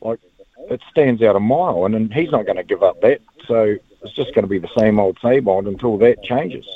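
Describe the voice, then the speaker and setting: A man's voice: on the low side, brisk. A man with a New Zealand accent calling a talkback radio show, chatting rambly about rugby. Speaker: caller. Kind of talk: phoned-in talkback chat. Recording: tinny phone line.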